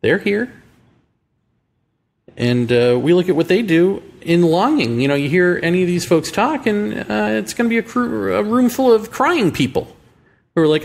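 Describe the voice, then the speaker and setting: A man's voice: high-pitched, animated, vocal fry. An American man hosting a podcast, thinking aloud in a reflective monologue and asking rhetorical questions. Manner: musing, rhetorical questions, slow deliberate phrasing. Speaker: podcast host. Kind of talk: reflective monologue on politics and spirituality.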